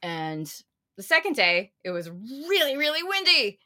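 A woman's voice: high-pitched, very animated, a little slow, sharp tone. A woman co-hosting a podcast, chatting casually and rambling through long stories. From United States. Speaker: podcast co-host. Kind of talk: casual chat.

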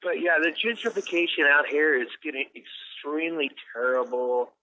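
A man's voice: fairly high pitch, moderate pace, pushed and bright, highs cut off, slight background noise. A middle-aged man from Virginia with a Southern accent, co-hosting a casual podcast chat and telling loose, laughing stories. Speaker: podcast co-host.

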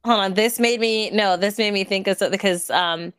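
A woman's voice: medium pitch, brisk, smooth, no echo. Woman host, casual and chatty, dry close recording. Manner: chatty, relaxed, laughs easily. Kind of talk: casual chat.

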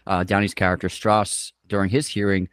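A man's voice: low voice, little pitch movement, fairly quick, fairly bright tone, smooth, dry recording, clean studio sound. A man hosting a podcast, chatting casually and with enthusiasm about his favorite films. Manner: enthusiastic, loose, with filler words. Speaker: podcast host. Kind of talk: casual movie review chat.

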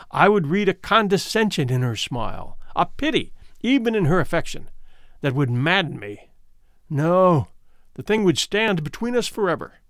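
A man's voice: high voice, no echo, clean studio sound. A man reading the lines of an idealistic young man, speaking earnestly and passionately in an audiobook. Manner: earnest, impassioned.

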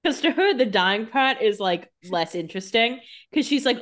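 A woman's voice: on the high side, brisk. A woman co-hosting a podcast, chatting animatedly about an episode and acting out characters. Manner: animated, acts out characters with laughter. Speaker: podcast co-host. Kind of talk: casual episode recap.

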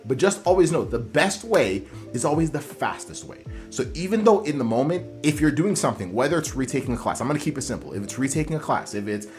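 Man, admissions coach, earnest motivational talk, many fillers and restarts, mid-pitched voice. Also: very animated, quick pace, few pauses, darkish tone, faint music behind. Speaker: admissions coach for physical therapy school applicants.

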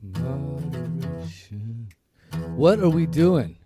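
A man's voice: medium pitch, lively intonation, normal speed, over loud music. A man with a sore throat co-hosting a casual podcast, rambling, restarting his sentences and joking at his own expense. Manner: rambling, stumbling, self-mocking. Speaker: podcast co-host. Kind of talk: casual chat.

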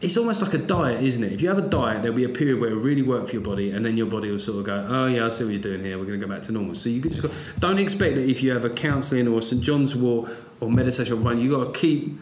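British male podcast host, mid-pitched, wry and chatty, laughs at himself. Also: quick pace, hardly any pauses, a little mellow, slight background noise. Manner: chatty, wry, self-mocking, laughs often. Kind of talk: casual chat and reading listener reviews.

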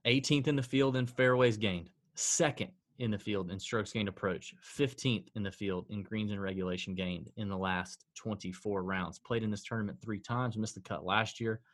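In casual sports betting chat, this podcast co-host rattles through stats, sighing and mocking himself dryly. He speaks at a moderate pace in a lowish voice with fairly even intonation.

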